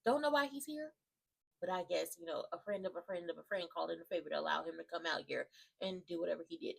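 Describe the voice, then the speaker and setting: A woman giving an animated, slangy rant that recaps a wrestling show, with emphatic asides to her viewers. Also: lowish voice, fast talker, vocal fry, husky. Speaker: wrestling commentary vlogger. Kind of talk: casual ranting recap.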